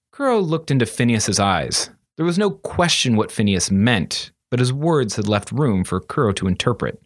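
A man narrating a fantasy story as an audiobook, steady and expressive. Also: medium pitch, moderate pace, hardly any pauses, no room sound, clean studio sound.

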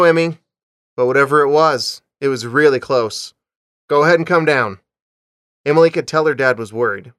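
A man's voice: medium pitch, fairly bright tone, no room sound. Man reading a story aloud, dry sound. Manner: reads with dramatic emphasis, breaks off to joke. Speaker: podcast host reading a story. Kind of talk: comedic dramatic reading with banter.

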